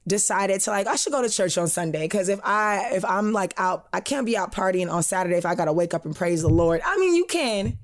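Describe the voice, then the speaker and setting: Animated young woman telling stories. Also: mid-range voice, fairly quick, few pauses. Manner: animated storytelling, acts out quoted voices, frequent laughs. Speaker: podcast co-host. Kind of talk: casual chat.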